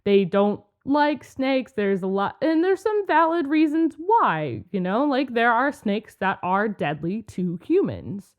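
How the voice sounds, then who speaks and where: A woman co-hosting a podcast, chatting casually and explaining with a lively, laughing manner. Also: on the high side, slow, few pauses, lo-fi sound. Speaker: podcast co-host. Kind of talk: casual chat.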